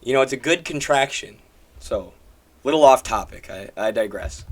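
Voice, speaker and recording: A man's voice: medium pitch, lively intonation, normal speed. A man from the American Midwest giving emphatic, combative political commentary, hammering his points through repetition.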